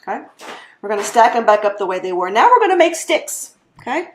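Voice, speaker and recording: A chatty woman talks through a live cooking demo in a mid-pitched, easygoing voice. She fills her explanations with "um" and "okay" and laughs often. The sound is roomy, with a clear echo off the kitchen walls. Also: sing-song, quick pace. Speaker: cooking show host. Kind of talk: casual live cooking demonstration.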